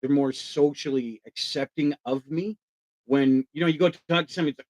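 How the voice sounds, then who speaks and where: A man hosts a casual live stream with lots of enthusiasm. He puts on quick voices when he quotes people and talks back to viewers in the chat. His fairly high voice sounds dry and close to the microphone. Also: steady tone, darkish tone, no echo, poor audio. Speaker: live show host.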